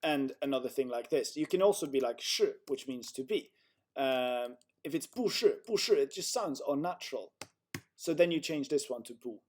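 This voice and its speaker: A man's voice: medium pitch, moderate pace, darkish tone. A young man tutoring one student in Chinese pronunciation over a video call, patient and full of fillers and restarts. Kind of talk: one-on-one language lesson.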